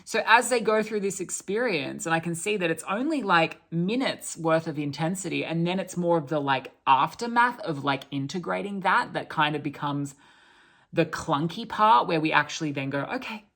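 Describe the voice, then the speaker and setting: A woman's voice: sits low, expressive, normal speed, a bit bright. A woman giving a channelled spiritual talk, earnest and restarting her sentences often.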